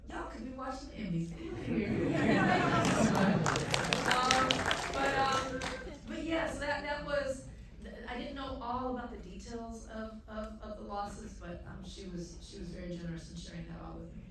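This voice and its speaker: A woman speaking as the guest at a cinema Q&A, with animated, self-deprecating storytelling and lots of quick restarts. Her voice comes from a distance in a very echoey theater, with steady room noise behind it. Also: a little high, over a noisy crowd. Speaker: filmmaker guest at a Q&A. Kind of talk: casual onstage conversation. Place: cinema theater before an audience. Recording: echoey theater from far off, noisy.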